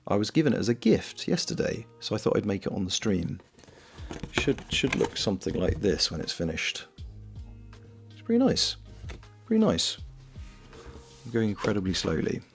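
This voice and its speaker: Lively, gravelly Welsh man knitting on stream. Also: lowish voice, a little fast. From Wales. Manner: rambling, jokey, swears freely. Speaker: streamer and voice actor. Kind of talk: casual chat while knitting on stream. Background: faint lo-fi music.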